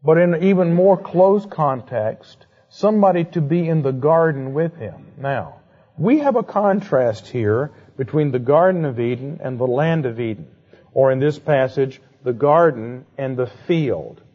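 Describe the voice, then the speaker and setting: Casual male Bible teacher, slightly high voice, playful and chatty, dull lo-fi recording. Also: animated. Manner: conversational, playful asides and quick rhetorical questions. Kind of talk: Bible lecture.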